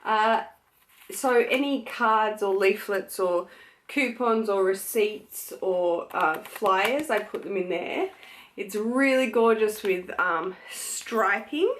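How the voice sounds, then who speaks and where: Chatty, unhurried Australian woman vlogger. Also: mid-range voice, a bit bright, slight background noise. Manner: chatty, gushing, many fillers. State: pregnant. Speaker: beauty vlogger. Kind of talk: casual chat to camera.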